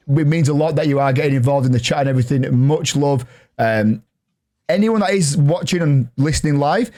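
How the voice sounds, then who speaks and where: A man with a Yorkshire accent hosting a casual podcast, chatty and jokey, reading out shout-outs. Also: a little high. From Yorkshire, England. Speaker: podcast host.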